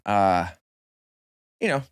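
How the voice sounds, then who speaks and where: A man with a smooth, resonant voice settles into an unhurried story on a podcast. The recording is dry and close-miked. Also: lowish voice, sing-song, dry recording. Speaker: podcast guest. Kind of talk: casual chat, storytelling.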